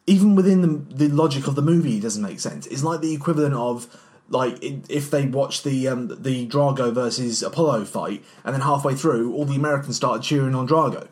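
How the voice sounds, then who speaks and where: A man co-hosting a film rewatch podcast, talking in a casual, animated way with lots of fillers and swearing. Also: mid-range voice, a little fast. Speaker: podcast co-host.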